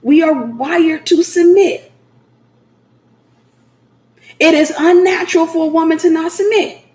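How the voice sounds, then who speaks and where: A woman speaks in an animated preaching style, repeating phrases and breaking into laughing asides. Her voice sits high, and the room around her rings with echo. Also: unhurried. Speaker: host. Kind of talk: preaching livestream talk.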